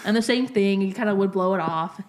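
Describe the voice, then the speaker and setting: A young woman on a podcast, telling a story in a rambling way, full of "like" and quick laughs. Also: medium pitch. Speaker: podcast co-host. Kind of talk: casual chat, storytelling.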